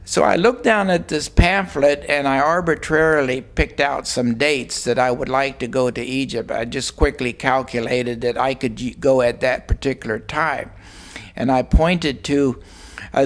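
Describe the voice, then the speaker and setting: An older man from Arizona, telling a personal story in a plain, unhurried way with frequent pauses. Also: medium pitch. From Arizona, USA. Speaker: guest recounting a personal experience. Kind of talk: storytelling monologue.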